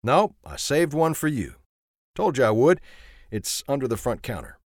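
A man voicing a wry, gruff garage owner who talks in a drawling, bargaining way in an audiobook. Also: mid-range voice, sing-song, normal speed, dry recording, studio quality, voice pushed up. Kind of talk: audiobook character voice.

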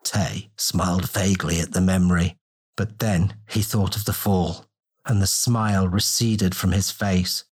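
A man narrating a fantasy audiobook in a steady, descriptive storytelling manner. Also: low-pitched, unhurried, slightly rough.

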